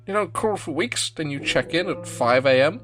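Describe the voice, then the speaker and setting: A man's voice: fairly high pitch, expressive, normal speed, fairly bright tone, faint music behind, voice pushed up. A man voicing a fretful elderly mother who fusses and guilt-trips her son in a game. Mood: fussing. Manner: fussing, clingy, guilt-tripping.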